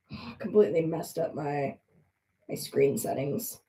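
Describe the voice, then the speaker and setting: A woman's voice: medium pitch, lively intonation, a little fast, a little mellow, recorded from a distance. A young woman chatting casually and rambling with giggles while she draws on a live stream. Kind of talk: casual chat while drawing. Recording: echoey room, voice off-mic.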